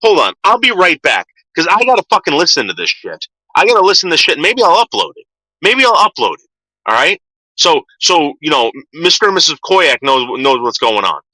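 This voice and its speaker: A man's voice: fairly high pitch, big pitch swings, brisk, pushed and bright, dry recording, poor audio. A man ranting on a livestream, swearing heavily and repeating himself as he gets worked up. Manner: profane, agitated, repeats himself. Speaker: livestream host.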